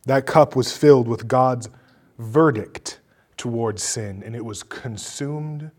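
A male preacher giving a sermon, telling a story dramatically and swinging from a hush to forceful emphasis. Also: mid-range voice, slow pace.

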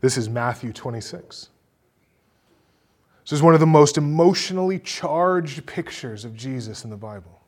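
A male preacher giving a sermon, telling a story dramatically and swinging from a hush to forceful emphasis. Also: mid-range voice, lively intonation, normal speed.

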